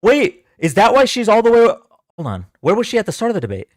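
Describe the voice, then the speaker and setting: Man, stream reaction commentary, rambling, lively swooping pitch, dry close sound. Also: fairly quick, dry recording. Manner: animated, rambling, talks to chat. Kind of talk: casual live reaction commentary.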